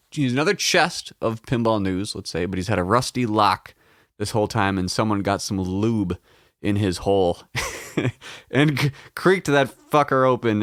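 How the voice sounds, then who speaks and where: A man's voice: mid-range voice, fairly bright tone, dry recording, studio quality. A man hosting a casual solo podcast, rambling, joking and swearing in a Midwestern American accent. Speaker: podcast host.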